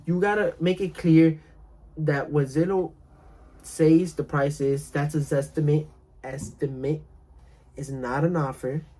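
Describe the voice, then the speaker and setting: A man's voice: steady tone, a little slow, mellow. A man coaching real estate wholesalers in a casual talk, acting out calls with sellers and often repeating himself. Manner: role-plays calls with sellers, laughing at his own lowball offers; repetitive, restarts often.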